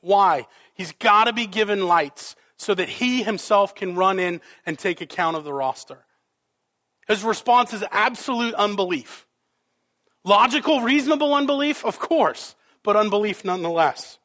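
A male pastor preaching a sermon, dramatic, with rhetorical questions and swings between loud and soft. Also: high voice.

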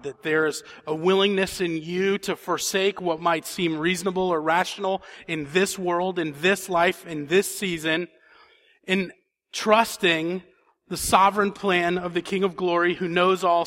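A man's voice: on the high side, a bit bright. A man preaching a sermon in a church, reading scripture and then building to emphatic questions. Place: church sanctuary.

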